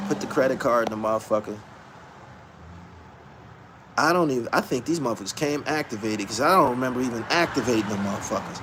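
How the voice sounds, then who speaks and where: A man's voice: fast, long pauses, background noise. A man hosting a podcast, telling a story in a loose, profane way, often breaking into laughter. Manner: laughing, profane, swings from low mutter to high excited yelps. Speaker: podcast host.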